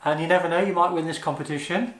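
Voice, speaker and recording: A man answering viewer questions in a casual vlog, earnest and chatty, pausing often with ums. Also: fairly high pitch, fairly even intonation, fairly bright tone, reverberant.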